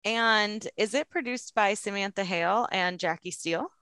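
A woman's voice: medium pitch, normal speed, sharp tone, smooth, no echo, studio quality. A young woman co-hosting a podcast in casual chat, upbeat and encouraging, often giggling. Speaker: podcast co-host.

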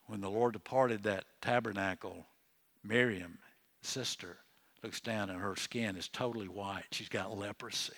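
A man's voice: on the low side, fairly even intonation, measured pace, gravelly, fairly bright tone. An older man, a pastor, preaching a sermon in a conversational way, often restarting his sentences and turning to the congregation with asides. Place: church.

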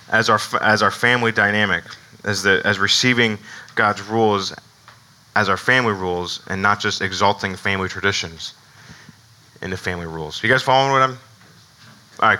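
Male pastor, very bright voice, casual sermon, lots of fillers and restarts. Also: medium pitch, poor audio. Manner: conversational, many fillers and restarts.

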